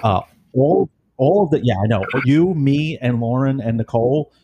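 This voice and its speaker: A former police supervisor chatting casually, telling blunt, profane, rambling stories. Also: male voice, medium pitch, moderate pace, warm tone, breathy edge, lo-fi sound. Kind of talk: casual storytelling chat.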